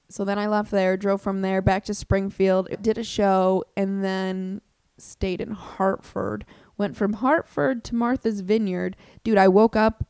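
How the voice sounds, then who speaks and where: A young woman hosts her own podcast from a room at home with the door open, talking casually alone into a desk mic. She rambles, pokes fun at herself and swears now and then, her mid-range voice smooth and darkish. The recording is dry and studio quality.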